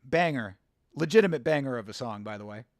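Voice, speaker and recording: A man's voice: medium pitch, lively intonation, fairly quick, no room sound, studio quality. A young American man hosting a casual fight watch-along, chatting with viewers and swearing casually. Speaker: livestream host.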